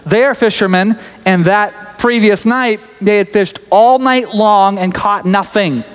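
A man's voice: high voice, a little slow, clean tone. A man preaching a casual storytelling sermon, chatty and joking, with restarts and laughs. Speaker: pastor. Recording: echoey hall reverb.

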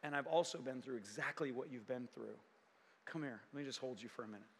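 A man voicing Jesus as a gentle, loving, comforting figure, speaking softly and intimately. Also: medium pitch, fast, long reverb tail, a little hiss or hum, voice pushed down, close to an everyday voice. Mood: tender. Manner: hushed, soft and intimate.

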